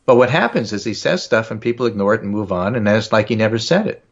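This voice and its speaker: A man's voice: lowish voice, fast talker, muffled recording. A man co-hosting a podcast, speaking bluntly and opinionatedly in casual political chat, with dry jokes. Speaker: podcast co-host.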